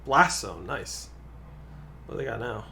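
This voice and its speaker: A man's voice: on the low side, expressive, measured pace, creaky, bright, forceful tone, a little hiss or hum. A man, a guest co-player, chatting casually and thinking aloud while commenting on a card game.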